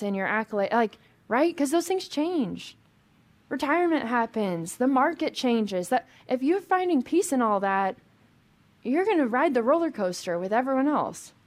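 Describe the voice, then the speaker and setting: Female pastor, slightly high voice, chatty and emphatic sermon delivery. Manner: conversational, emphatic, many restarts and asides.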